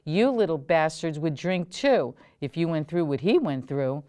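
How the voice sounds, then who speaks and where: A woman's voice: deep voice, animated, measured pace, dark tone. Stern scolding mom, read by a woman. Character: stern scolding mother of young kids.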